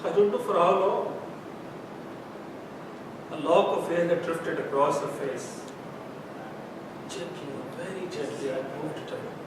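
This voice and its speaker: A man playing an anguished, stammering father. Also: close to an everyday voice. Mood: sorrowful. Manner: halting, stammering, repeating words. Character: anguished father telling of a night with his daughter. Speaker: stage actor in rehearsal. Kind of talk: stage drama rehearsal. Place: rehearsal room. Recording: echoey room, distant mic, hiss and rumble.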